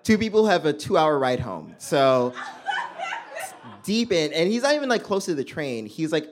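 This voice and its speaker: A young man telling a stand-up story on a club stage, swinging between loud punchlines and muttered asides. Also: fairly high pitch, very animated, moderate pace. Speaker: stand-up comedian.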